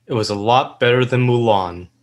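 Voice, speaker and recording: A man's voice: mid-range voice, normal speed. A man co-hosting a casual podcast, giving heated opinions and swearing freely. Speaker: podcast co-host. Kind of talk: casual chat.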